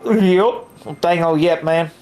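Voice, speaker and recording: A woman voicing a laid-back middle-aged country man with a put-on Southern drawl in a fan dub of a game, slow and deadpan. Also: lowish voice, soft background music, voice pushed down.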